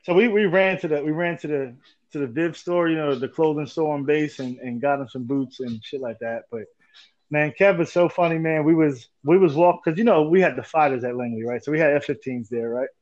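A man in his forties with a fairly high voice tells stories in a loose, animated way, laughing often and swearing without a second thought. The recording sounds dull and lo-fi, with a dry, close feel. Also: brisk, dry recording. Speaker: podcast host. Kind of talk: casual chat.

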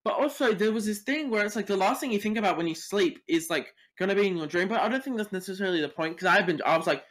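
A teenage boy hosting a solo podcast, ranting with lots of swearing and quick tangents. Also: sits high. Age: teens. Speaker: podcast host.

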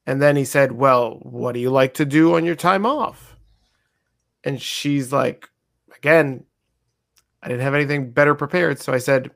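A man's voice: mid-range voice, unhurried, creaky, pauses often, a bit bright. A man co-hosting a podcast, chatting casually about wrestling news, laughing and joking as he asks long rambling questions. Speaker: podcast co-host. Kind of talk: casual chat.

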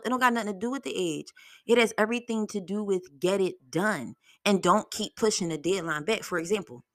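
A young adult woman hosting her solo podcast, talking bluntly and with plenty of profanity, telling stories in an animated way. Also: medium pitch, dry recording, studio quality. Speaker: podcast host.

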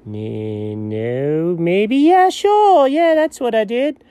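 A man playing a scatterbrained, excitable male buddy in comedy banter, jumping between low mumbles and sudden high yelps. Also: drawn-out words, smooth, no echo, exaggerated voice. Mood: goofy. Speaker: co-host.

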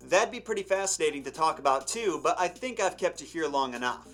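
A man narrating a scripted history segment in a steady, informative read. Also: on the high side, a little fast, faint music behind. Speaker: podcast narrator reading a script.

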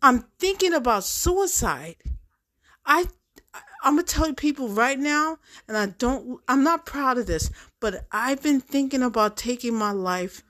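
A woman's voice: sits high, animated, measured pace, fairly bright tone. A middle-aged woman talking straight to her viewers in a casual monologue, emphatic and repeating herself for effect. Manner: emphatic, repetitive, addresses audience directly. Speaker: vlogger.

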